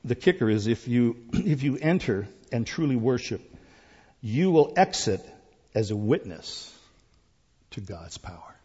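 Husky preacher in a reverberant hall. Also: male voice, medium pitch, very animated, a little slow. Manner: emphatic, repeats key words, swings between loud and quiet. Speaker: pastor. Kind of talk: sermon. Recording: dull sound with long hall reverb.

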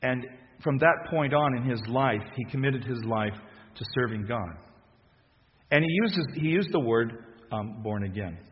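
Man preacher, conversational sermon, halting delivery, long church reverb, slightly muffled recording. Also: medium pitch, expressive. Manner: conversational, halting with restarts and soft laughs.

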